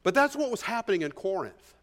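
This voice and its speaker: A pastor with a notably high, sing-song, fairly bright voice delivers a brisk expository sermon on a passage of scripture. He speaks conversationally to the congregation, pressing his points with emphasis and repeatedly posing rhetorical questions.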